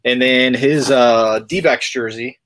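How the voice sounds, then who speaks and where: Man, podcast host, casual storytelling, rambling, filler-heavy, mid pitch. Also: takes it slowly. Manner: rambling, animated retelling with filler words.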